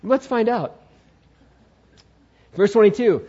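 A male pastor preaching a sermon, driving his point home by repeating key phrases, with dramatic swings in pitch. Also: expressive, fairly quick, pauses often, darkish tone, husky. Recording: dull lo-fi sound.

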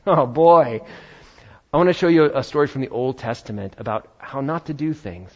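A man preaching a sermon, retelling a Bible story with lively acted-out voices. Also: medium pitch, normal speed, lo-fi sound. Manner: animated storytelling, acting out biblical voices. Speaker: pastor.

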